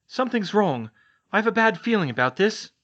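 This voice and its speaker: A man's voice: high voice, sing-song, moderate pace, fairly bright tone, voice pushed up. A man voicing an anxious, clever young witch who speaks urgently. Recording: dull lo-fi sound.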